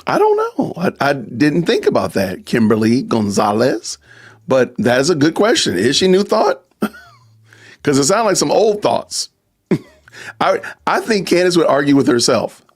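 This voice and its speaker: A man's voice: on the high side, big pitch swings, a little slow, husky. A man hosting a casual live-stream podcast, chatty, reading viewer comments aloud. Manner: chatty, reads viewer super chats aloud, frequent laughs and asides. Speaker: podcast host.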